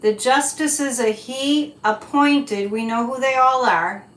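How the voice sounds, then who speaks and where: A woman's voice: high voice, fairly bright tone. A woman hosting a psychic livestream in casual chat, reading viewer comments and speaking in an indignant, emphatic way. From United States. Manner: indignant, emphatic, slow and deliberate. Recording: echoey room.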